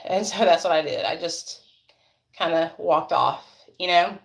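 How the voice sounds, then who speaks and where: A woman's voice: lowish voice, measured pace, creaky. A woman vlogger and mother, chatting casually and telling a story with lots of swearing. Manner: chatty, profane, animated storytelling.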